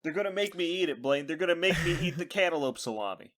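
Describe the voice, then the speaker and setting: Animated, joking podcast co-host. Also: medium pitch, quick pace. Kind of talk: casual chat.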